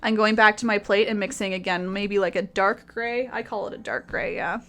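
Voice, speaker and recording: A woman's voice: medium pitch, fairly even intonation, normal speed, fairly bright tone. A woman teaching painting on a live stream, chatty and laughing often as she answers her chat.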